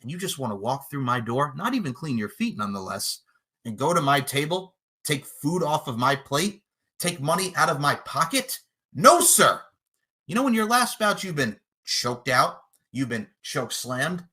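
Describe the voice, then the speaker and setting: A man's voice: fairly high pitch, very animated, moderate pace, pushed and bright. A man with a brash, boastful manner, cutting a profane, taunting wrestling trash-talk promo as a podcast personality.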